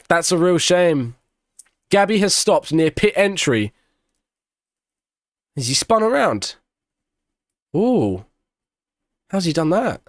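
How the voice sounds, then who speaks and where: A young man talks over a live race stream, breaking off to banter with his chat. His voice sits a little high for a man and comes across close and dry, with no room around it. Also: animated, slow, pauses often, dry recording. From Australia. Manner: chatty, banters with chat between race calls. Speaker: streamer doing live watch-along commentary.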